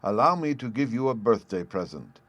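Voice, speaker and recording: A man's voice: medium pitch, very animated, moderate pace, fairly bright tone, dry recording. A man voicing a cheerful, fussy old male professor with a gleeful manner.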